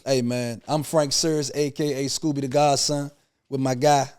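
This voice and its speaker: Male podcast host, easygoing, mid-pitched everyday voice, casual chat. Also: steady tone, normal speed, a little mellow, clean tone.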